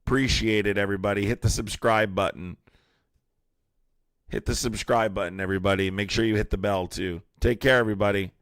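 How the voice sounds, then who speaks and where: Heated young man with a low, dry voice. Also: steady tone, brisk, a bit bright, dry recording. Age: young adult. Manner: heated and confrontational, calling out commenters by name. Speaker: livestream host. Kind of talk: live-stream chat, reacting to viewer comments.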